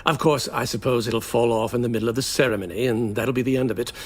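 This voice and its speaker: An actor playing a flamboyant, bitter groom on his wedding day, melodramatic and sardonic, swinging between slow drawls and sudden outbursts. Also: medium pitch, breathy edge. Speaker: actor in a stage play. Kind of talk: theatrical stage acting.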